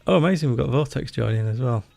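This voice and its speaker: A man with a broad Yorkshire accent chats loosely through a gaming livestream, joking and rambling as he answers his viewers. His voice carries a gravelly rasp. It is picked up close and dry, with faint music playing underneath. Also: mid-range voice, fast, mellow, dry recording. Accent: Yorkshire English. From Yorkshire, England. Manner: chatty, jokey, rambling, talks to chat. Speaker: livestream host. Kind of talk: casual gaming livestream chat.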